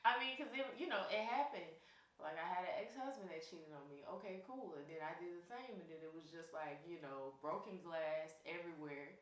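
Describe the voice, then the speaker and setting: A woman's voice: on the low side, fairly quick, a bit bright. Blunt Southern woman co-hosting, echoey. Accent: Florida Panhandle Southern. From Florida. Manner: blunt, crude, joking. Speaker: podcast co-host. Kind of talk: casual podcast chat. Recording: echoey room, far from mic, faint hiss.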